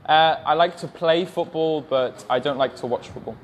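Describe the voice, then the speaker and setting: Man, English accent, teacher, livestream Q&A, slightly raised pitch, faint background hum. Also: normal speed. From England. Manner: friendly, reads out questions then answers them plainly. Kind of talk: livestream Q&A reading viewer comments.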